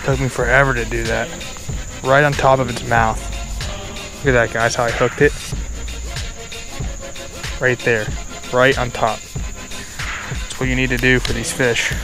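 A man's voice: mid-range voice, level tone, a little slow, pauses often, music in the background. A man vlogging his fishing by a pond outdoors, talking casually to viewers in an easygoing, chatty way with plenty of ums and uhs. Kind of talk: casual vlog talk to viewers.

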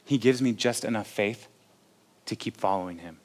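A man's voice: lowish voice, moderate pace. A man, a pastor preaching a sermon in a conversational, self-deprecating, joking way.

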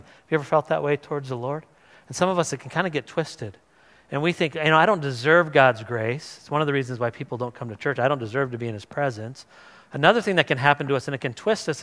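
A man pastor giving a conversational sermon, animated and acting out the voices of people in the story. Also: medium pitch. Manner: conversational, animated, acts out voices of biblical figures. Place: church sanctuary. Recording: long reverb of a church hall.

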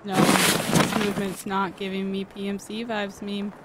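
A woman streaming a shooter game, talking excitedly and swearing at the action. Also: mid-range voice, measured pace, background noise. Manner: swearing, exclaiming, talking over game sounds. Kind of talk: excited gaming chat. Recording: loud music behind the voice.

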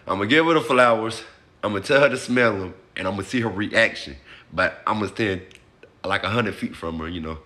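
Hyped young man with a lively voice. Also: on the low side. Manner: hyped, slangy, addresses viewers as y'all. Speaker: vlogger host. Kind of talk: casual vlog talk to camera. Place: in a parked car.

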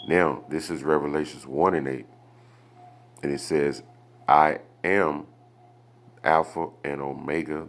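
A man teaching a Bible study, reading verses aloud and explaining them, often asking rhetorical questions and checking in with "okay?". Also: rumbling low. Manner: asks rhetorical questions, adds "okay?" after points; reads scripture aloud and explains it.

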